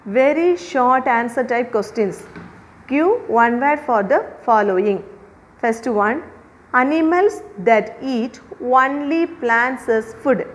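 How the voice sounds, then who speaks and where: A woman's voice: fairly high pitch, lively intonation, takes it slowly. A woman teacher going over a revision lesson, dictating answers and spelling words out letter by letter.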